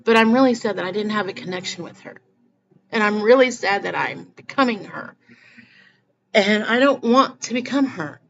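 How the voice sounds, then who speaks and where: A woman's voice: mid-range voice, moderate pace, gravelly. A woman talking earnestly to her viewers in a rambling personal vlog, often restarting her sentences. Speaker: spiritual vlogger. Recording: slightly muffled with faint background noise.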